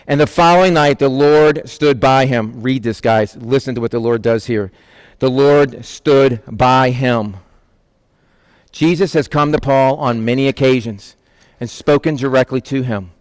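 Animated, high-voiced male preacher. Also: no room sound. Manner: animated, acts out Bible figures in casual modern speech. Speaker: pastor. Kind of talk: conversational sermon.

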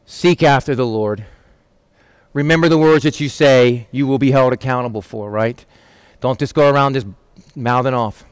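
A man's voice: medium pitch, normal speed, smooth, no room sound. A man teaching on a Bible passage in a conversational way, asking rhetorical questions and acting out quoted voices. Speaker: preacher.

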